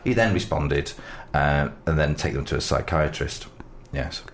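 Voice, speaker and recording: A man's voice: extremely low pitch, unhurried, slight background noise. A man co-hosting a radio show, chatting casually and reading news aloud with joking asides. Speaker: radio co-host.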